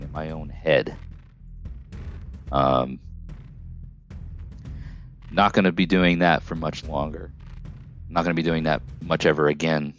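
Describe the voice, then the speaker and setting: A man hosting his own podcast alone, rambling and joking casually with lots of fillers. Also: sits low. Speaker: podcast host.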